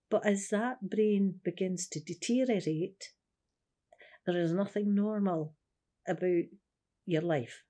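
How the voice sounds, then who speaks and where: Mellow low-voiced Scottish woman in her sixties. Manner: earnest, repeats "I says", acts out remembered dialogue. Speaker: interviewee, carer's widow. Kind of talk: personal storytelling interview.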